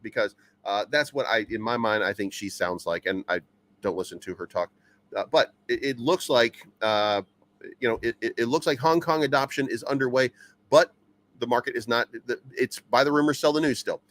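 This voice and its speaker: A man at a middle pitch gives casual commentary on crypto headlines. He reads the articles out, then rambles in loose asides, stammering over repeated words and filling pauses with uh and um. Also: fairly bright tone. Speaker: crypto news channel host.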